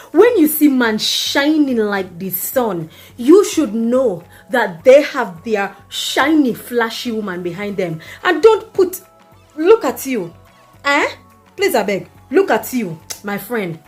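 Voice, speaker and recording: A woman voicing a jealous, fiery young woman in a comedy skit, loud and confrontational. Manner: confrontational and shrill.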